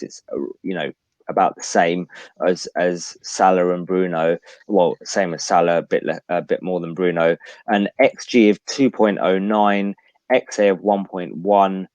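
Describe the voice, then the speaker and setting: A man's voice: lowish voice, a little mellow, no room sound, highs cut off. A man co-hosting a podcast in casual chat, reeling off statistics and laughing at his own slips. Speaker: podcast co-host. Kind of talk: casual chat about fantasy football.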